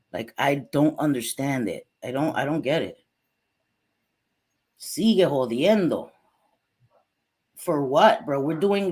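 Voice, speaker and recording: A woman's voice: deep voice, breathy edge. A young woman hosting a casual livestream, chatty and sassy, dropping Spanish phrases and apologizing between rants. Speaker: livestream host.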